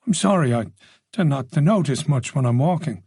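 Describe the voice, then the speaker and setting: A man's voice: medium pitch, lively intonation, brisk, a little mellow, breathy edge, no room sound, studio quality. A man voicing a reserved, polite middle-aged police chief inspector in a story. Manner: polite, modest, guarded.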